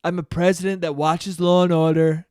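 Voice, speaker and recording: A man imitates a blustering older politician who hammers the same slogan again and again. The voice is loud and emphatic, pitched high and smooth, and recorded dry and close. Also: level tone, normal speed, dry recording, lightly acted.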